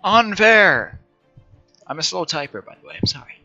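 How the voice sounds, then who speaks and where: Casting: male gamer, rambling self-deprecating commentary, bright voice, unhurried delivery, faint music behind. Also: fairly high pitch, lively intonation, vocal fry, lo-fi sound. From United States. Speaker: gaming channel host. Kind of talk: let's play commentary.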